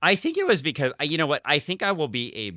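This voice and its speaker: A man co-hosting a casual comic book podcast, animated and dryly sarcastic. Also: on the high side, quick pace, no echo, studio quality. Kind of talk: casual chat.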